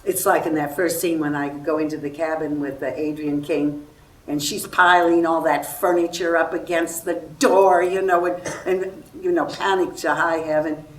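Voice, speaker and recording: An older actress telling stories at a festival talk, lively and acting out the people she quotes. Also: sits low, moderate pace. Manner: animated storytelling, acts out quoted voices. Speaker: guest actress. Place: festival hall before an audience. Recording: far-off roomy hall recording, faint noise.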